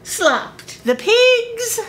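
Bright, lively woman reading to preschoolers. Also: extremely high pitch, slight background noise. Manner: slow, expressive read-aloud for small children. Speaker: children's librarian. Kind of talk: preschool story time reading.

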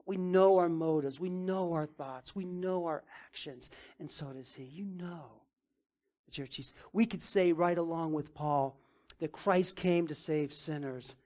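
A man preaching a sermon as pastor, emphatic, with casual asides, swinging from loud and urgent down to low and quiet. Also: measured pace. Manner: emphatic, rising to near-shouting then dropping low.

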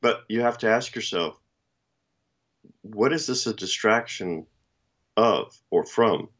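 A man's voice: on the low side, slow, a bit bright, lo-fi sound. A man co-hosting a political commentary chat, speaking in a rambling, emphatic, and sardonic way. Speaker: co-host.

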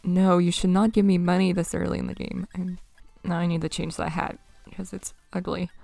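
Young female let's player, lowish gravelly voice, wry offhand commentary. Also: level tone, fairly quick, music in the background. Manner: chatty, wry running reactions to the game. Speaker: let's play gamer. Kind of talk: casual gameplay commentary.

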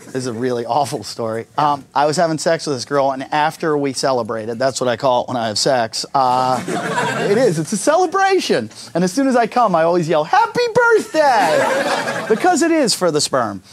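A man's voice: fairly high pitch, very animated, fairly quick, crowd noise. A man telling crude, self-mocking stand-up stories and acting out quotes, mixed with a casual tour of his neighborhood. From United States. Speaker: stand-up comedian and show host.

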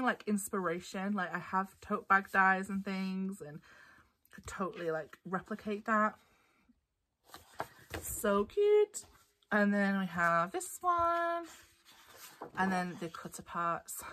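A woman's voice: mid-range voice, pushed and bright. A woman chatting casually through a craft haul, bubbly and giggly, her voice a little tired. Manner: bubbly and giggly, gushing over papers. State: voice getting tired. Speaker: craft vlogger.

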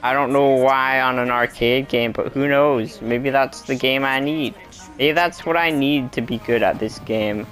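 A young man streaming a racing game, chatting to himself in a self-mocking, excitable way. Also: mid-range voice, measured pace, faint music behind. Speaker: gameplay streamer. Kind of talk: casual let's-play commentary.

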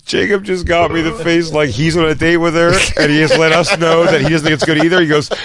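A man's voice: a little high, little pitch movement, fast, a crowd in the background. A man co-hosting a podcast, teasing and wisecracking with his friends. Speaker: podcast co-host. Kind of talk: crude comedic banter.

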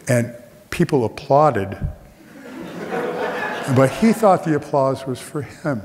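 A man with a medium-pitched voice tells his humorous story slowly, leaving long pauses, from a theater stage. He stays animated, impersonating the people he describes, under long theater reverb.

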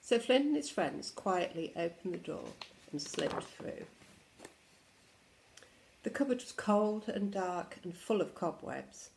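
A woman's voice: fairly low pitch, animated, takes it slowly, creaky, pauses often, background noise. A teacher reading a picture book aloud to young children. She reads expressively, drops to a whisper for suspense and stops to point out the pictures. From England.

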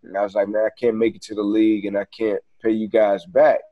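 A man's voice: lowish voice, level tone, quick pace, lo-fi sound. A man telling his story as an interview guest, earnest and reflective, often saying "man" and "like".

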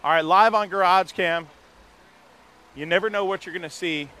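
A man hosting a live walk-around in an outdoor race garage, talking into a handheld mic in an energetic, rambling way. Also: sits high, normal speed, clean tone. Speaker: garage reporter host. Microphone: handheld microphone.

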